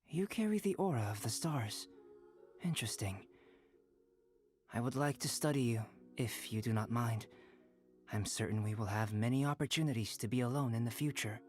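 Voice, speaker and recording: A man plays a composed young alchemist in a game, curious and softly inquisitive, with a level voice of middling pitch. His measured, polite delivery sits over faint music. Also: expressive, close to an everyday voice. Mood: calm curious.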